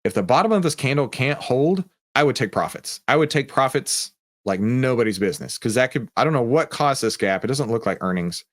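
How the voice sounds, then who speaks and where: A man's voice: mid-range voice, expressive, brisk, fairly bright tone. A man hosting a live trading stream, chatting casually and joking with viewers in the chat.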